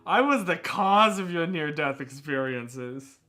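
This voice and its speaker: A man's voice: fairly high pitch, animated, a little slow, bright, forceful tone. Playful man chatting live with viewers. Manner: playful, self-deprecating, laughs often. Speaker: livestream host. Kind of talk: casual chat with viewers. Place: home room with a window.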